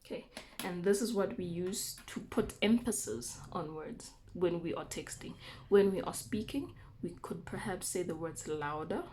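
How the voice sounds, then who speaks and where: A woman teacher giving a recorded remote lesson, explaining terms slowly with frequent okays and ums. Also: lowish voice, darkish tone, a little hiss or hum. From South Africa.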